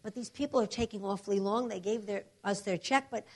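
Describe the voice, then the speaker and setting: A middle-aged woman preacher telling a testimony in a sermon, animated and acting out the voices and prayers of the people in her story. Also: medium pitch, fairly quick.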